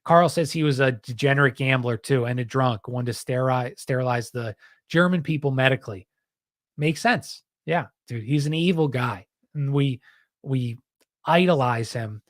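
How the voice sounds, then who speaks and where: A man's voice: medium pitch, moderate pace, dry recording, studio quality. A man hosting a podcast, talking in a rambling, heated, casual way and often saying "dude". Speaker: podcast host.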